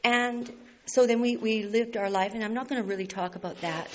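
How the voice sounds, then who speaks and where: A woman's voice: fairly high pitch, fairly even intonation, brisk. A woman telling a personal faith story in an earnest, heartfelt way, tearful and laughing through her tears. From Canada. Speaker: speaker sharing a personal testimony. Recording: slightly dull recording with faint hiss.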